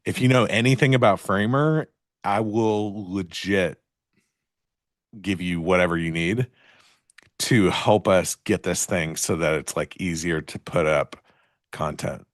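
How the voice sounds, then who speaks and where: A man's voice: low voice, measured pace, dry recording, studio quality. A man co-hosting a live trading stream, talking in a laid-back, rambling way with lots of fillers. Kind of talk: casual chat.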